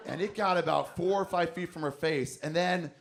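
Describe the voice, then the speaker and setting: A man with a gravelly, fry-edged voice that sits a little high for a man tells a rambling stand-up story on stage. He swears freely and acts out the lines of the people in his tale, speaking into a handheld mic. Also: moderate pace, a faint crowd. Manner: profane, animated, acts out quotes. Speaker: stand-up comedian.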